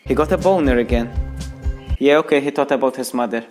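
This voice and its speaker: A man's voice: medium pitch, quick pace, darkish tone, faint music behind. A young man reading a crude comic story aloud, breaking off for mocking asides to the listener. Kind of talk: mock bedtime story reading.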